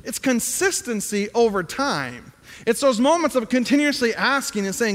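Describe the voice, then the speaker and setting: A man's voice: very high voice, lively intonation, moderate pace. A middle-aged male pastor preaching a sermon in a conversational tone that rises to emphatic pleading. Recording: hall reverb.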